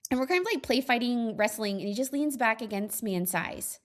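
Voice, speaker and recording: Chatty, upbeat woman thinking out loud. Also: a little high, lively intonation, a little fast. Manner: chatty, upbeat, laughs often, many fillers; reflective, earnest. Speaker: podcast host. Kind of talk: casual solo monologue.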